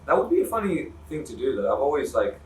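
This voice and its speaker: Animated Australian man, off mic. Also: mid-range voice, fast talker, distant mic. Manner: animated, laughing, joking. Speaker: podcast guest. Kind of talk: casual chat. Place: hotel room. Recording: echoey room, off mic, faint background noise.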